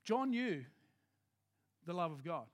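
A man preaching a sermon to his congregation in a lively, joking, conversational way. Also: on the high side, slow pace. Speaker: pastor. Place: church hall with a congregation.

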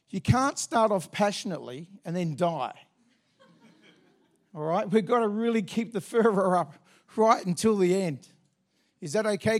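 A man's voice: sits high, a little mellow. A man preaching a sermon in a church, fervent and interactive, coaxing the congregation along. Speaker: pastor. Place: church sanctuary.

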